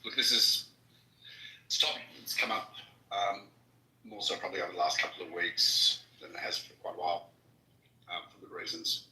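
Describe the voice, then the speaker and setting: A man speaking in a casual chat, halting with lots of ums and restarts. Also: sits low, steady tone, sharp tone, reverberant, low-quality recording.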